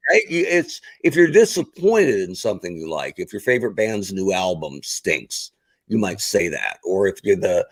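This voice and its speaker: A man's voice: sits low, moderate pace, no room sound, low-quality recording. A middle-aged man, a guest on a podcast, chatting casually and acting out the exchanges he tells about. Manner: animated storyteller, acts out quoted exchanges.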